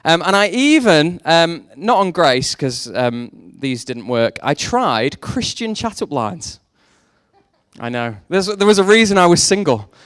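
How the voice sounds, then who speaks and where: A man's voice: fairly high pitch, big pitch swings, measured pace, fairly bright tone, smooth, no room sound. A young man preaching a sermon, mixing faith talk with self-deprecating jokes about his past. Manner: jokey, self-deprecating storytelling. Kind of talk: sermon with personal stories.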